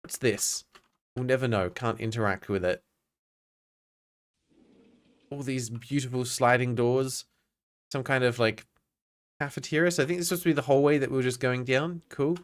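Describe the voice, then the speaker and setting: A man's voice: mid-range voice, moderate pace, long pauses. An Australian man streaming a game, chatting casually and reading on-screen text aloud with self-mocking asides. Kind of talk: casual gameplay commentary.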